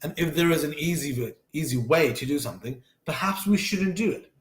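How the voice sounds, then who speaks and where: A man's voice: a little high, expressive, fairly quick. A man talking casually and thoughtfully about a life lesson, often restarting and correcting himself mid-sentence. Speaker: host sharing life lessons. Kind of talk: casual reflective monologue. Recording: roomy echo.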